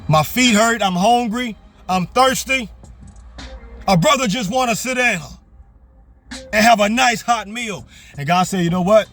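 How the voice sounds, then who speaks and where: Guy preaching hard from his car, high voice, soft music under him. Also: measured pace, long pauses. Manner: fervent, repetitive, call-and-response preaching. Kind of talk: motivational sermon. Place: parked car.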